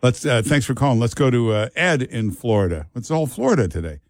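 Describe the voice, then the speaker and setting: A man's voice: mid-range voice, big pitch swings, brisk, no echo. A man hosting talk radio, blunt and joking, talking to callers and his co-host. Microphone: studio mic.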